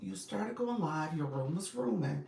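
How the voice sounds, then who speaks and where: A woman's voice: on the low side, animated, measured pace, creaky, dark tone, reverberant, recorded from a distance. A woman coaching viewers on a casual livestream, upbeat and chatty, greeting people by name.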